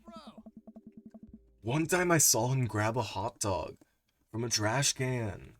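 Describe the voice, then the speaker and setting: Man doing a chummy dad pal from a dating game, relaxed, bouncy lively voice. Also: medium pitch, slow. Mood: casual. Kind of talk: reading game dialogue aloud.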